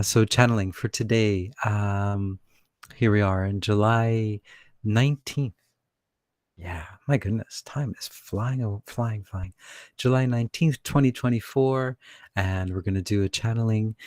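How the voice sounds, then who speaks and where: A man with a fairly low voice talks casually in a vlog, rambling and chuckling as he goes. He often cuts himself off mid-sentence. The recording is dry and close. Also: darkish tone, dry recording. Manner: rambling, chuckling, self-interrupting. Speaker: channeler.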